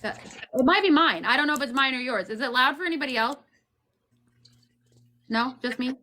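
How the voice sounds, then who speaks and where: A woman chats loudly and playfully as the host of a group livestream. Her voice sits high and bright. She talks into a phone set well back from her. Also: expressive, brisk. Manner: loud-talking, jokey. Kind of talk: casual livestream chat. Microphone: phone set far back.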